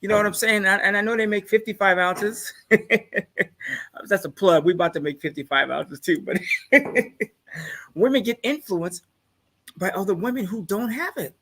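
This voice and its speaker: A man's voice: sits high, animated, moderate pace, pauses often, sharp tone. A man chatting casually as a guest on a live talk show, boastful and laid-back, laughing at his own jokes. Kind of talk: casual chat, storytelling.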